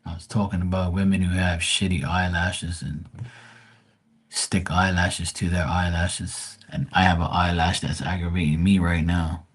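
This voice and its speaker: A man's voice: low-pitched, flat delivery, unhurried, husky. A man reading tarot cards and chatting casually with viewers on a live stream, calling them by name and swearing lightly.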